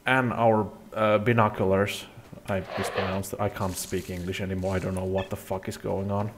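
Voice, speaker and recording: A man's voice: sits low, little pitch movement, moderate pace, slight background noise. A man hosting a let's play, giving rambling, self-deprecating gameplay commentary.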